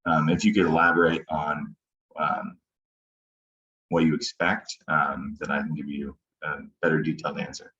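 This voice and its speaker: Very deep hesitant man on a call. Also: level tone, moderate pace, pushed and bright. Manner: hesitant, many ums. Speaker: officer candidate. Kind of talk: answering questions in a meeting. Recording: dull lo-fi call audio.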